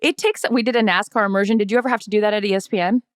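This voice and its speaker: A woman co-hosting a podcast, telling a lively anecdote in casual chat, swearing freely and acting out what people said. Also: medium pitch, rapid-fire, dry recording, clean studio sound. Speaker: podcast co-host.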